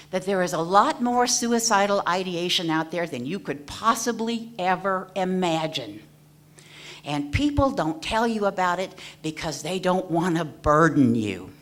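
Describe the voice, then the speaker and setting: A middle-aged woman therapist giving an earnest, direct personal talk to an audience. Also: lowish voice. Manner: earnest, direct, addresses listeners as folks. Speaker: mental health therapist speaking at an event.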